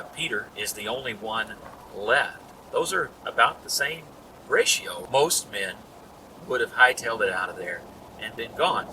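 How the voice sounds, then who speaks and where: A man preaching a sermon in a church, conversational, acting out the voices of people in the story. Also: mid-range voice. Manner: conversational, retells scenes with acted voices. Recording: distant mic with room noise.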